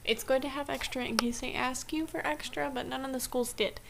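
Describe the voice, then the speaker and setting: A woman's voice: high voice, steady tone, a little fast, creaky, background noise. A young woman vlogging in a casual, rambling way, full of restarts and fillers, recorded on a camera mic at home. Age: young adult. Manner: chatty, rambling with many restarts and "like". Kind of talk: casual vlog chat.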